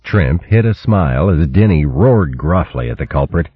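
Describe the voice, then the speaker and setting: A man narrating a storybook in an even, measured reading. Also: rumbling low, breathy edge, highs cut off. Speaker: audiobook narrator.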